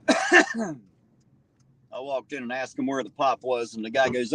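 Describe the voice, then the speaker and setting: A man's voice: mid-range voice, a little slow, long pauses, fairly bright tone, no echo, far from the mic, low-quality recording. Blunt man with a Southern Ohio drawl. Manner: blunt, swears freely. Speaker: livestream host. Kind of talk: casual livestream chat.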